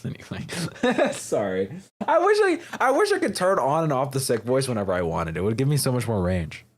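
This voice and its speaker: A woman with a sick, hoarse voice chatting casually while playing a game, joking about herself. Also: very deep voice, huge pitch swings, normal speed. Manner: joking, self-deprecating, stumbles and restarts. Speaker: streamer. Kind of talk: casual gameplay chat.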